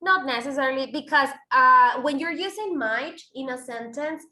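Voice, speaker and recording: A woman teaches an English class, her voice bright and a little high. She explains in loose, restarting sentences and switches into now and then. The room around her is echoey. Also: moderate pace. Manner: explains with many restarts and fillers, switching into Spanish.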